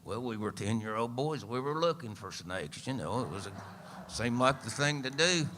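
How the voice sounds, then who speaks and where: A man in his seventies with an East Tennessee accent tells a folksy, dry-humored story live on a radio show. He's a singer-songwriter and storyteller whose medium-pitched voice is expressive, a bit bright, and moves at a normal speed, with slight background noise.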